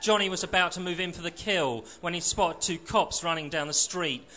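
A man, a novelist, reading aloud from his own novel in a dry, measured storytelling manner. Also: on the high side, bright, forceful tone.

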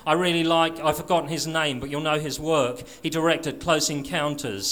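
A gushing, dim-witted woman editor, as a man reading a story puts her on. She waffles on quickly and self-importantly, her tone a touch raised. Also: fairly high pitch, fairly even intonation, a bit bright, lightly acted.

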